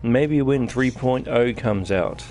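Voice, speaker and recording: Gravelly New Zealand gaming streamer. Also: male voice, medium pitch, takes it slowly, music in the background. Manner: chatty, talks to viewers while playing. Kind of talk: casual live-stream gameplay commentary.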